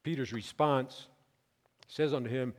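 A male pastor preaching a sermon, swinging between loud emphatic declarations and quiet asides. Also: medium pitch, fairly even intonation, a little slow, in a large hall.

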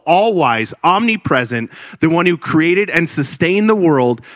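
A man preaches a sermon to a congregation, earnest and explanatory, breaking into emphatic bursts and lightly teasing his listeners. His voice is a little high and a bit bright, captured at studio quality with no echo.

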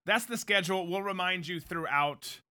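A man hosts a live stream in a loose, joking way, moving between news chatter, viewer questions and ad reads. His voice sits a little high for a man and comes across bright and forceful. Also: moderate pace, smooth. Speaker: host of a live political show. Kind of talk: casual live-stream talk.

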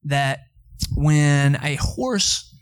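A man's voice: a little high, expressive, drawn-out words, clean tone. A young man from Atlanta, preaching a sermon in a conversational, storytelling way. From Atlanta, Georgia. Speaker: pastor.

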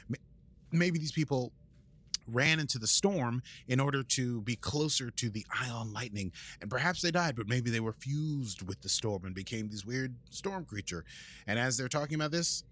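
With a medium pitch and a somewhat bright sound, this American host wanders playfully through an episode recap in casual chat, sprinkling in sound effects.

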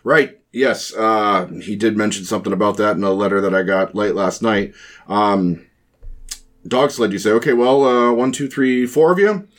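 A man's voice: fairly low pitch, normal speed, natural voice. A man voicing a courteous male kennel keeper who welcomes customers to his shop. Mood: welcoming. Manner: courteous, eager to help.

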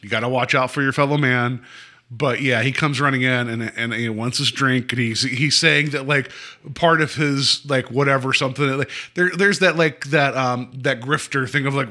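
Bright-voiced chatty man. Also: medium pitch, steady tone, normal speed. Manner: chatty, laughs often, many fillers. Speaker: podcast co-host. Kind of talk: casual chat recapping a TV episode.

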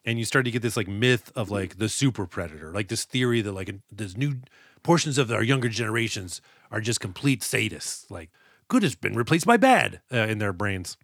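A man's voice: fairly low pitch, lively intonation, brisk, fairly bright tone, dry recording, clean studio sound. A man co-hosting a movie podcast, chatting casually and sarcastically about a film's script, swearing freely. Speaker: podcast co-host. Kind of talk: casual movie-review chat.

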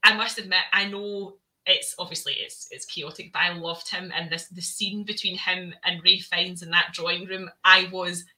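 A woman chatting casually about a film, animated and laughing often. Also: fairly low pitch, moderate pace, hardly any pauses, rough recording. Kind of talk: casual film review chat.

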